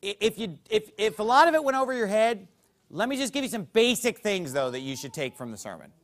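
A man's voice: sits high, sing-song, fairly quick. A man preaching a sermon as pastor, emphatic and fond of rhetorical questions.

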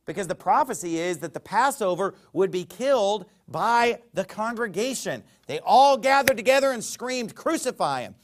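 A man preaching a sermon, emphatic, with sharp swings in loudness and scripture quoted in old-fashioned wording. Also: high-pitched, expressive, normal speed, hardly any pauses. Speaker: pastor.

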